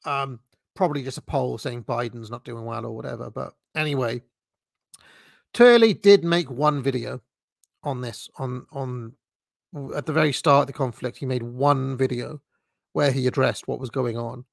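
A man's voice: medium pitch, normal speed, vocal fry, no room sound. A man giving rambling, opinionated commentary on a livestream, full of fillers and restarts. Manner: dismissive, opinionated. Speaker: political commentator.

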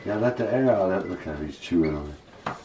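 Speaking at normal speed in a low, mellow, animated voice, a monkey owner narrates a laid-back vlog, chatting playfully, laughing often and addressing his pets. He's indoors among lots of balloons, and the audio has echo, background noise and a far-off mic.

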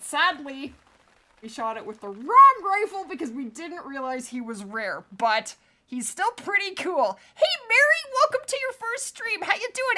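A woman's voice: high-pitched, bright, forceful tone. A woman live-streaming a hunting game, bubbly and chatty, laughing often and greeting viewers by name while nursing a back injury.

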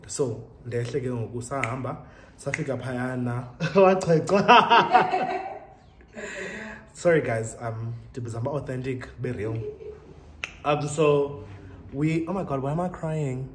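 A man's voice: medium pitch, steady tone, unhurried, pauses often. A young South African man chatting casually and laughing often while telling a story and getting ready. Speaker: vlogger. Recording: roomy echo, faint room noise.

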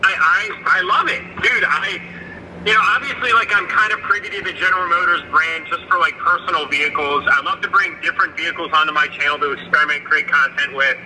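A man's voice: a little high, steady tone, fast, slight background noise. A man talking candidly over a phone call, earnest and a bit rambling. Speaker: caller, fellow truck vlogger. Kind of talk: phone conversation. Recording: bright tinny phone line with reverb.

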